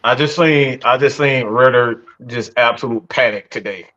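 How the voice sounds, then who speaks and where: A man hosts a live post-game reaction show for a sports podcast, ranting in exasperation with heavy swearing and stammered restarts. His voice is medium-pitched and a bit bright, at normal speed, over dull lo-fi stream audio.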